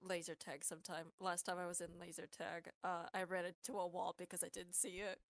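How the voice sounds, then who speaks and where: A woman playing a tabletop game, narrating her character's actions with animated storytelling. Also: lowish voice, brisk, creaky, no echo. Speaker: player. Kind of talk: tabletop role-play chat.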